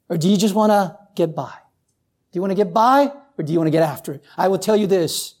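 A man preaching a sermon as pastor, repeating phrases and asking the congregation "right?", swinging from near shouts down to low, quiet lines. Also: lively intonation, a little fast, pauses often.

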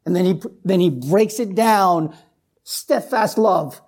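A male pastor preaches slowly, repeating phrases and asking his congregation "right?" His delivery swings from near shouts to low, quiet lines.

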